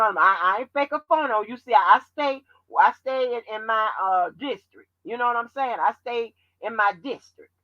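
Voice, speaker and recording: A woman hosting a livestream, talking bluntly and profanely in animated commentary. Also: a little high, dry recording, muffled recording. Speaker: channel host.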